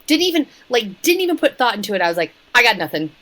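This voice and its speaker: Lively, bubbly woman co-host. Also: a little high, racing, rough recording. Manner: bubbly, laughs often, encouraging. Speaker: podcast co-host. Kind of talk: casual interview chat.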